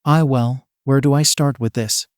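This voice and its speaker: A frightened young woman close to tears, voiced with little change from a man's ordinary reading voice. The male reader voices her. His pitch stays mid-range and the sound is dry and close. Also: fairly even intonation, measured pace, dry recording, close to an everyday voice. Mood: anxious. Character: anxious tearful young woman civilian.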